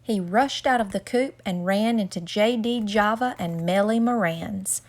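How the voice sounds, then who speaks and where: A woman's voice: mid-range voice, a little slow. A woman reading a children's picture book aloud with dramatic, suspenseful narration. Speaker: storyteller. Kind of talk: storybook read-aloud.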